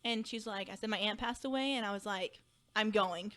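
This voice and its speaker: A young woman from Kentucky, a teacher and podcast guest, telling a personal story in animated conversation and acting out past dialogue. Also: mid-range voice, brisk.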